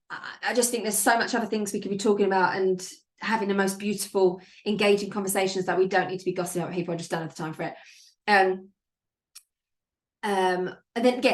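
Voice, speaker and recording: A bubbly woman hosts a live coaching show and talks with gushing emphasis. Her voice sits at a middle pitch. It rings with a roomy echo. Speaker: business coach and show host.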